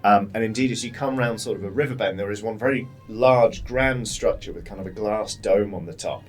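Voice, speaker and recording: A man's voice: on the low side, fairly quick, faint music behind. A man narrating as game master of a tabletop game, rambling with many fillers.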